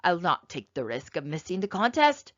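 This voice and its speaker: A woman's voice: lowish voice, very animated, moderate pace, fairly bright tone, pitched above the performer's own voice. Woman doing a timid stubborn young man. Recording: slightly dull lo-fi sound.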